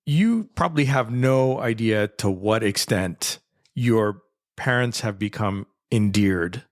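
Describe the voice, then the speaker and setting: A man's voice: on the low side, animated, takes it slowly. Enthusiastic, affirming male podcast host. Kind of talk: casual interview.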